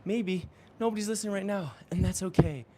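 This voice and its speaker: A man's voice: high voice, a little fast, dark tone, slight background noise. A man exercising during a live-streamed motivational talk, earnest and affirming, often chuckling. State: exercising while talking. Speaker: spiritual coach.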